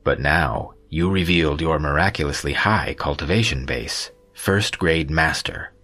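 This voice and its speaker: A man's voice: rumbling low, a little slow, exaggerated voice. A man voicing a stern middle-aged father who heads the family, speaking in a scolding tone. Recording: soft background music.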